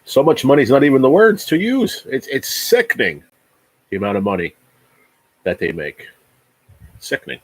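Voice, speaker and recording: Profane, ranting husky man in his forties. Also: mid-range voice, wildly swooping pitch, normal speed, long pauses, no echo, rough recording. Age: 40s. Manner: repeats words. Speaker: livestream host. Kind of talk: casual livestream chat.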